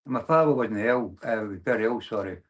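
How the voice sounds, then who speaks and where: A man in his sixties from Glasgow, telling his own story as an interview guest, in a halting way with frequent restarts and the filler "like, no". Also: fairly low pitch, lo-fi sound. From Glasgow, Scotland. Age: 60s. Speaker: guest, abuse survivor and campaigner. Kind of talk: personal testimony in conversation.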